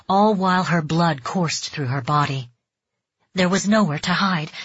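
A woman narrating a dark fantasy audiobook in measured, tense storytelling. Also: fairly low pitch, husky, dry recording. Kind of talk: scripted narration. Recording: dull, dry close recording.

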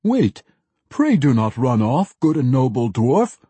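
Frantic male wizard, high and dramatic, wailing and pleading, as a male narrator puts him on. Dog-like yelps creep in. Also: slow, mellow, no echo, exaggerated voice.

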